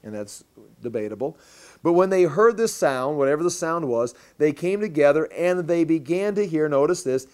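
A man preaching a sermon as pastor, explaining a Bible passage step by step in an emphatic way and slowing down to stress key words. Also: a little high, animated, a little mellow, clear, resonant tone. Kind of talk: sermon, verse-by-verse Bible teaching.

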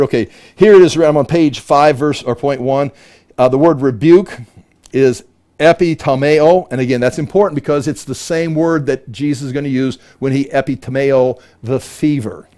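A man teaching a Bible study, emphatic and animated, often repeating words as he works through a point. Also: medium pitch.

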